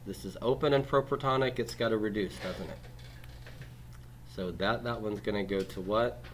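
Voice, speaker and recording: A man with a somewhat low voice lectures a class, walking through grammar rules step by step. He keeps checking in with his students and patiently quizzes them as he goes. A faint hiss sits under the classroom recording. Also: moderate pace. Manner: quizzes students, tags statements with "right?". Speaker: Hebrew grammar teacher.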